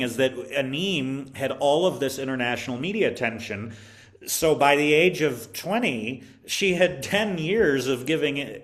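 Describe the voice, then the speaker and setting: A man recounts his teaching years in an interview at a middle pitch. He speaks thoughtfully and haltingly, often pausing, restarting sentences and filling gaps with small hesitations. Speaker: interview guest, violin teacher. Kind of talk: reflective interview storytelling.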